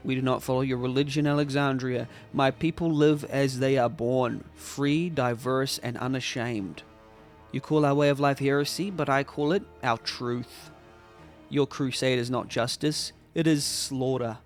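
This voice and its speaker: A man's voice: medium pitch, steady tone, measured pace, faint music behind, natural voice. A man voicing a proud, defiant king who gives solemn commands.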